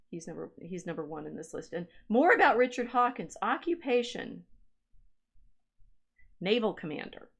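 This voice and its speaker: A woman's voice: medium pitch, fairly bright tone. Woman, livestream co-host; casual, musing delivery, stops and restarts as she reads old records. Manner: reads genealogy records aloud, musing and self-interrupting.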